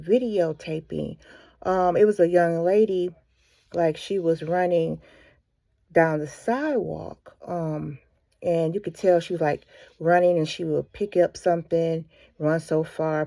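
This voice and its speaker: A woman's voice: deep voice, creaky, mellow, no echo. A woman speaking for a ministry, retelling a story casually with many fillers and restarts. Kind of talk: casual spoken devotional.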